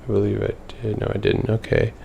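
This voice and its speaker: A man's voice: on the low side, completely flat delivery, a little fast, gravelly, muffled recording, a little hiss or hum. A man hosting a casual trading livestream, going through charts in a loose, filler-heavy way and answering his chat. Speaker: stock trading streamer.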